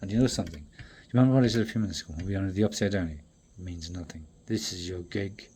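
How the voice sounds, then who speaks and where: A man in a rambling, profane monologue that swings between loud outbursts and low mutters. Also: quick pace, a little hiss or hum.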